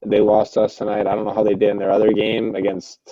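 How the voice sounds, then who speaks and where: A young man talks in a very dark, mellow voice, rambling excitably and cursing as he restarts his sentences. The sound is dry and a little dull and lo-fi, like a home podcast mic. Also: on the low side, fast, dry recording. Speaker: podcast co-host. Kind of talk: casual podcast chat about an online hockey league.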